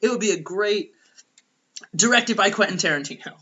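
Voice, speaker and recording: Young male podcast co-host, bright and high-pitched, rambling comic storyteller on a dull lo-fi recording. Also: moderate pace. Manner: rambling, animated, acts out characters in quoted voices. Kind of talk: casual comedic movie pitch.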